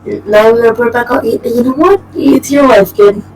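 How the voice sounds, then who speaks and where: A man's voice: very high voice, brisk, distant mic, soft background music, poor audio. A man playing along in a role-play game, wry and joking. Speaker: player. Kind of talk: casual role-play chat.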